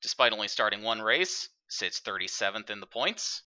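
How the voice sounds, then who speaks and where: A man hosting and commentating a virtual racing broadcast in an upbeat, broadcast-style delivery with filler pauses. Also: fairly low pitch, expressive, bright, forceful tone, highs cut off. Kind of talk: play-by-play commentary.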